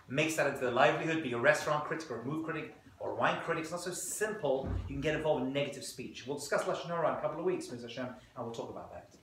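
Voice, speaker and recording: A British man, a rabbi, giving a lively, joking class and bantering with his audience. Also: mid-range voice, slight background noise. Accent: British English. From Britain. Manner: animated, joking, quick back-and-forth. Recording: echoey room.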